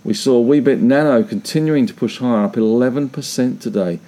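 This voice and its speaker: An Australian man delivers a daily stock market wrap-up in a brisk, breezy style, with folksy asides between the figures. His voice sits at a middle pitch with a warm, mellow tone. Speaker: market reporter.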